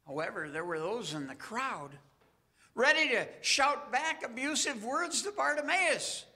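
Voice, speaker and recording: Bright, high-voiced male pastor preaching. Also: very animated. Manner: earnest storytelling, dramatic pauses. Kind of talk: sermon.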